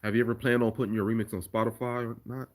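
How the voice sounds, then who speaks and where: Man, casual live-stream host, conversational, rambling, mid-range pitch. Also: flat delivery, racing, a little mellow. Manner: rambling, conversational, restarts often. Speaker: live stream host making fight remixes. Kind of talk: casual live chat reading viewer comments.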